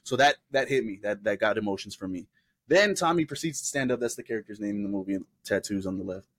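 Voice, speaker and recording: A young man co-hosts a casual podcast. His voice sits low and sounds close and dry, with no room around it. He retells scenes with energy and slips into the voices of the people in them. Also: fast, no room sound. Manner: animated storyteller, acting out quotes. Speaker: podcast co-host. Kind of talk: casual chat.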